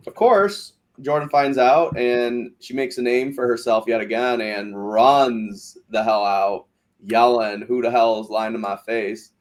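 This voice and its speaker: A man hosting a podcast recap of a reality show, chatting casually, swearing freely and acting out quotes from the cast. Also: on the low side. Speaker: podcast host. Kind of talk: casual chat.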